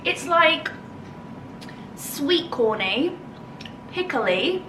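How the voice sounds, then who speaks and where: A woman's voice: high-pitched, sing-song, drawn-out words, far from the mic, noisy background. A woman with an English accent chatting casually in a home vlog, bubbly and thinking aloud as she tastes food, then tidies the garden. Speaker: lifestyle vlogger.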